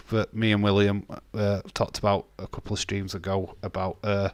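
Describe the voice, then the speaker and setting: A man's voice: fairly low pitch, flat delivery, normal speed, no room sound. A man, casually chatting on a live stream and bantering with chat comments, swearing now and then.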